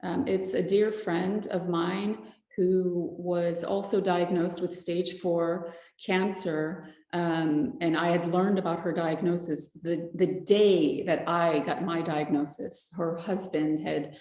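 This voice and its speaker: A woman guest on a podcast, sharing a personal testimony in a halting, reflective way with many fillers, audibly emotional. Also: fairly low pitch, steady tone, a little mellow. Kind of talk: personal testimony, casual talk. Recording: roomy echo.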